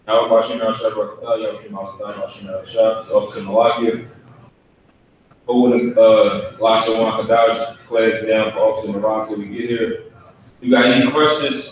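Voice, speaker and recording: A man standing in as teacher in a live online class, talking casually and slowly sounding out letters one by one with emphasis. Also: mid-range voice, slight background noise. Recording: echoey room, voice from a distance.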